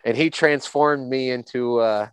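A middle-aged man spins casual, rambling stories, stumbling over repeated words as he gets going. His voice is smooth and resonant, recorded dry and close with no room around it, and sits at an ordinary pitch. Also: a little slow, no echo. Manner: rambling, repeats words when starting sentences. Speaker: former pro hockey player. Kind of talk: casual storytelling chat.

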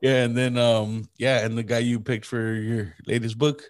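A man's voice: medium pitch, little pitch movement, normal speed, no echo. A man hosting a podcast, laid-back and casual, swearing freely and agreeing enthusiastically. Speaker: podcast host.

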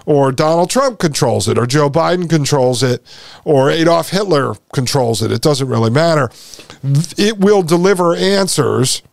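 A man's voice: fairly high pitch, no echo, clean studio sound. A man hosting his own podcast, explaining technology in an emphatic, conversational monologue and speaking straight to his listeners. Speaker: podcast host.

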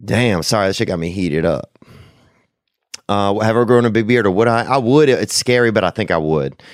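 A man with a very low voice tells loose, rambling comic stories between listener questions. He talks in a slangy, profane, animated way. The sound is close and dry. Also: moderate pace, no echo. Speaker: podcast host answering listener questions. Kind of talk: rambling comedic storytelling.

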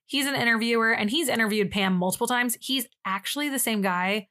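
A woman's voice: fairly high pitch, brisk, sharp tone. A young woman co-hosting a true-crime podcast, telling the story casually with sarcastic asides and acting out what people said. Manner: sarcastic, acts out quotes in different voices. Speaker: podcast co-host.

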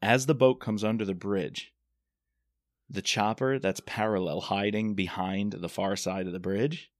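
A man's voice: fairly low pitch, steady tone, a little slow, dry recording, studio quality. A man from the Washington DC area co-hosting a casual book podcast, retelling the plot with animation and acting out the characters' lines. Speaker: podcast co-host discussing a novel. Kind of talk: casual chat.

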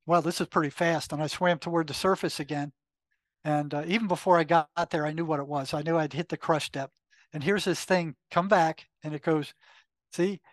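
A man's voice: on the high side, dry recording. An older man, a retired psychotherapist, telling a personal story as an interview guest, acting out the lines of an inner voice with many fillers and restarts. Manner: animated retelling with quoted inner dialogue, frequent fillers. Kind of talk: conversational storytelling.

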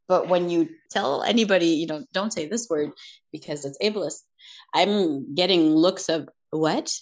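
Podcast guest, woman, lower register, earnest reflective storytelling with light laughs. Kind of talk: personal conversational storytelling.

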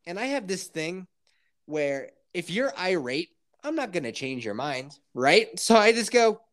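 A man hosting a podcast, telling a story in a casual, animated way, full of swearing and acted-out quotes. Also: high-pitched, normal speed. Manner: animated, profane, acts out quotes. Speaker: podcast host.

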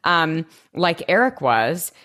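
A low-pitched woman co-hosts a casual podcast recap, her voice swooping up and down with lots of lively energy. She talks in quick bursts, swears freely and chats like she's with a close friend. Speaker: podcast co-host. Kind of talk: casual chat recapping a TV episode.

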